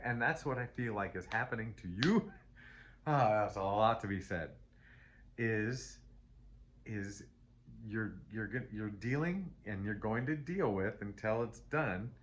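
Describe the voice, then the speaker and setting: A man's voice: mid-range voice, fairly bright tone, a little hiss or hum. Rambling man giving a tarot reading. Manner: rambling and self-interrupting, with frequent restarts; chatty and emotional, laughs often. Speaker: tarot reader. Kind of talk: casual spoken tarot reading.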